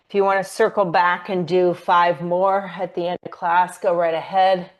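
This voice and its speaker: A woman's voice: on the low side, little pitch movement, moderate pace, hardly any pauses. A woman leading a pilates class, giving cues and counting reps as she does the moves herself, a bit out of breath. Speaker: pilates instructor. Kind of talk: guided exercise class instruction.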